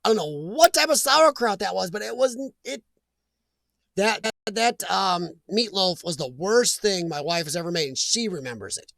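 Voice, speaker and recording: An American man with a high, light voice rambles through a casual live chat. He drifts between stories and greets viewers from the chat as he goes. The sound is dry and close, with no room around it. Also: animated, moderate pace, vocal fry, a bit bright, no echo. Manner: rambling, chatty, reads chat aloud. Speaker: live stream host.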